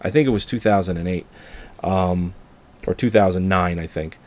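A man's voice: low voice, normal speed, darkish tone. A man chatting casually on a podcast, opinionated and swearing freely, often trailing off as he hedges. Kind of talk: casual chat.

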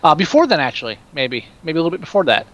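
A man's voice: a little high, big pitch swings, racing, fairly bright tone, low-quality recording. A man chatting casually on a podcast with a New Jersey accent, rambling with frequent restarts and mocking asides. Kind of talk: casual chat.

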